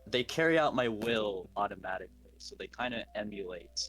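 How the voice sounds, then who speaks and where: A man's voice: fairly low pitch, lively intonation, fairly quick, fairly bright tone, soft background music, poor audio. A man playing in a tabletop game over an online call, casually describing what his character does and feels, with frequent "like". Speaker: player.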